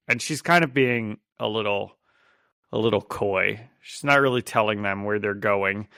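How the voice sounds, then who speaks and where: A man's voice: lowish voice, normal speed, vocal fry, pushed and bright, dry recording, clean studio sound. A young man co-hosting a podcast, casually and animatedly retelling a comic story and laughing often. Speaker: podcast co-host. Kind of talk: casual chat.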